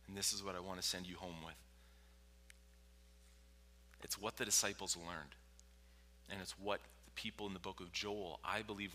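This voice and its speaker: A male pastor giving a sermon, swinging from loud, forceful lines to hushed whispers, recorded in a church. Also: low-pitched. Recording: long reverb from a large hall.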